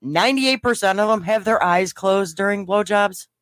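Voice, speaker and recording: A woman's voice: medium pitch, normal speed, no echo. Sassy bantering woman, dry sound. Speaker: podcast co-host. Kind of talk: casual crude chat.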